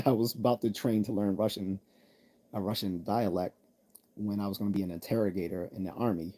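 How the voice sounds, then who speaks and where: A man's voice: fairly low pitch, warm tone. A man from the United States hosting a live stream, reading viewer chat aloud and answering bluntly with jokes and laughs. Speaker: livestream host reading chat.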